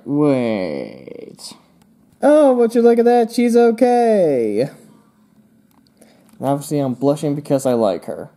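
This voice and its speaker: Young male host, unhurried, warm, rambling show-and-tell with asides. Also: a little high. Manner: rambling, with fillers and playful asides. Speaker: channel host. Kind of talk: casual show-and-tell of old drawings.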